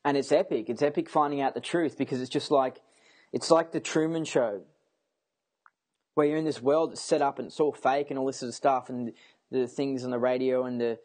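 Young guy, mid-pitch voice, loose camera rant: rambling, emphatic, swears a lot, keeps restarting sentences. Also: steady tone, a little fast, a little mellow. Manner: repeats himself and restarts sentences.

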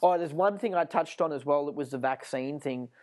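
A man's voice: on the high side, brisk, a little mellow. Rambling man hosting a solo podcast. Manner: rambling, many fillers and restarts. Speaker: podcast host.

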